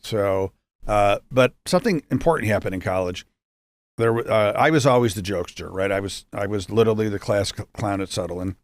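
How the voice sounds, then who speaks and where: Low-voiced joking man in his fifties. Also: fairly quick, no echo. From Rochester, New York. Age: 50s. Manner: joking, chatty, many asides and fillers. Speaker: guest, entrepreneur. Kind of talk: casual storytelling.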